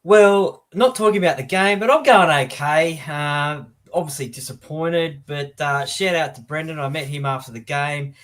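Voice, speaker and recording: Australian male panelist, slightly high pitch, easygoing and low-key. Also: normal speed, hardly any pauses, a bit bright. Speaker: podcast panelist. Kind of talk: casual chat.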